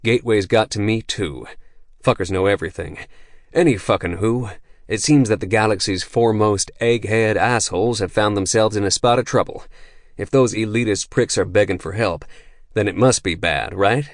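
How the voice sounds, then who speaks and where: A man voicing a crude, boisterous veteran soldier who swears constantly and talks loudly with swagger. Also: fairly low pitch, moderate pace, no echo, clean studio sound, lightly acted. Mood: brash. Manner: profane, swaggering, loud.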